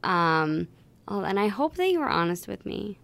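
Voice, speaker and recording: A woman from San Jose hosting a podcast, firing off quick interview questions in a giggly, upbeat manner. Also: mid-range voice, sing-song, gravelly, fairly bright tone. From San Jose, California. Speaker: podcast host. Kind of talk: rapid-fire interview questions.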